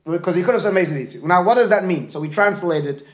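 A man's voice: sits high, fast talker, reverberant. A man teaching a Talmud class, mixing Aramaic and Hebrew terms into his English and often checking in with his students by asking "right?". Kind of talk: lecture with student questions.

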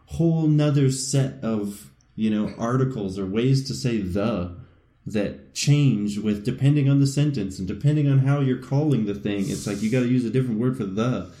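A man's voice: mid-range voice, moderate pace, dark tone, roomy sound. A man co-hosting a casual podcast, rambling and self-mocking, laughing often. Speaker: podcast co-host.

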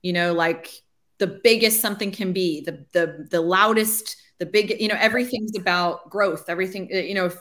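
A woman's voice: lowish voice, moderate pace, a bit bright. Chatty woman telling her faith journey. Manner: chatty, says "like" often, acts out her own past thoughts. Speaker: ministry leader, interview guest. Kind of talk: conversational testimony.

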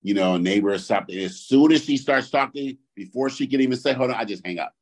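A man co-hosting a podcast, chatting casually and getting worked up, swearing and jumping to high outbursts when riled. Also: slight background noise. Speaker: podcast co-host. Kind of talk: casual chat.

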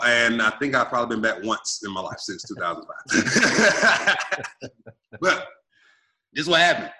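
A man in his thirties from Arkansas, telling his life story in an energetic, emphatic way and acting out what he and others said. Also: on the high side, echoey room. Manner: energetic, repetitive and emphatic, quotes himself and others. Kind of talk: animated storytelling.

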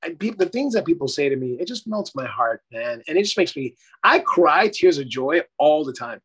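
A man's voice: fairly high pitch, very animated, normal speed, fairly bright tone, husky. A middle-aged man, a life coach, talking effusively and emphatically in a casual interview, swearing casually.

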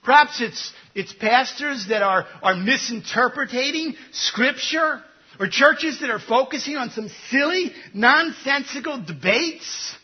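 A man's voice: very high-pitched, animated, a little slow, husky, lo-fi sound. A man preaching a sermon, conversational, throwing rhetorical questions at his congregation. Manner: conversational with asides. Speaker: pastor.

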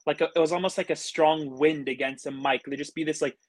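A man's voice: a little high, fairly even intonation, fast, no room sound. A man telling a story as a podcast guest in a casual way, rambling and full of fillers. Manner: rambling, filler-heavy with many likes.

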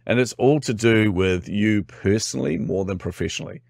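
A man with a New Zealand accent, telling lively stories as a guest in an interview. His voice sits low and deep, and he acts out what others said and laughs as he goes. The recording is dry and close, with no room sound. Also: a little fast, gravelly, dry recording. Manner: animated storyteller, acts out quotes, laughs often. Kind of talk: casual interview chat.

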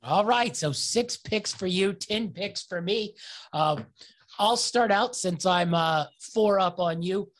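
A man's voice: sits high, takes it slowly, a bit bright. A man co-hosting a casual sports betting chat, loose and upbeat, with lots of filler words. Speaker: podcast co-host.

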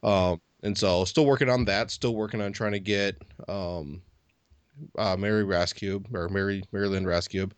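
A man co-hosting a podcast in casual chat, hesitant and filling pauses with ums. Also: low voice, steady tone, clear, resonant tone, no room sound. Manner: hesitant, many ums and uhs. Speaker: podcast co-host.

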